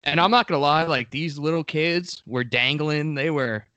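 A man's voice: a little high, moderate pace, bright, forceful tone, dry recording, highs cut off. A man co-hosting a podcast in a laid-back, casual way, full of "dude" and "like," close to a studio microphone. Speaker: podcast co-host.

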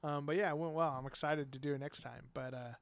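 A man's voice: on the high side, fairly even intonation, fast, gravelly, no room sound. A man chatting casually as a podcast host about running a tabletop game, rambling with lots of fillers and laughter. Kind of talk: casual chat.

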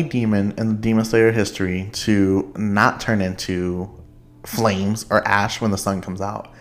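An excitable young man hosts his own podcast in a loose, rambling chat, breaking into laughter and stacking up fillers as he goes. His voice sits on the low side for a man. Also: unhurried. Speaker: podcast host. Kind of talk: casual chat.

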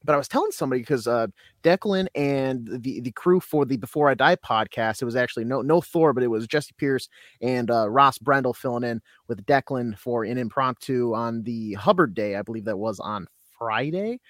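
A man's voice: mid-range voice, moderate pace, dry recording, studio quality. A man co-hosting a sports talk podcast, a chatty storyteller who laughs easily. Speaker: podcast co-host.

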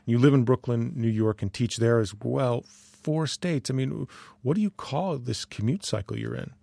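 A male radio host with a gravelly, fry-tinged voice at a middling pitch. He puts his questions in a measured, conversational way from a dry studio. His delivery is even and unhurried. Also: dry recording. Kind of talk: radio interview.

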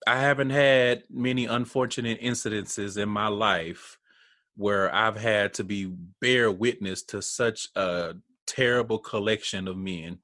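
A man's voice: fairly low pitch, fairly even intonation, a little slow, bright, forceful tone, no echo, studio quality. A man casually recapping a reality show with a co-host, blunt and profane, laughing often and acting out what people said. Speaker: podcast co-host.

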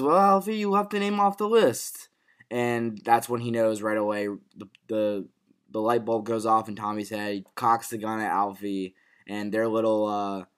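A man co-hosting a casual podcast, recapping a TV episode in an excitable, profanity-laced way with frequent restarts. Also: lowish voice, clean tone. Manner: excitable, swears freely, restarts phrases often. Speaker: podcast co-host.

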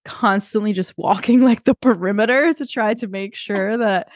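Woman in her 30s, podcast co-host, storytelling all animated, acting out voices, dry close sound. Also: medium pitch, moderate pace, no echo. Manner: animated storyteller, acts out kids and herself. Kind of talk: casual storytelling chat.

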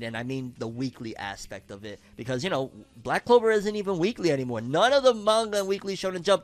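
A man with a fairly high voice hosts a casual commentary vlog. He talks in an animated, slangy way and keeps wandering off on tangents. The sound is dry and close. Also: no room sound. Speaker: anime news video host.

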